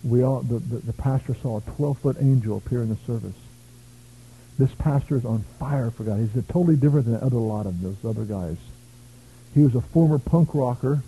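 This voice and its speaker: Speaking a little fast in a gravelly, breathy mid-range voice, a man from the US preaches a revival sermon. He storytells emphatically and erupts in praise. It sounds tinny and lo-fi, like a phone recording.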